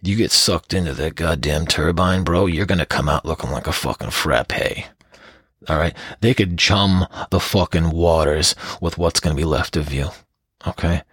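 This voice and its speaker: A man's voice: low-pitched, normal speed, breathy edge, no room sound, clean studio sound. A man hosting a casual solo podcast, riffing on odd news stories with constant swearing and bursts of laughter. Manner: profane, animated, laughing storyteller. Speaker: podcast host.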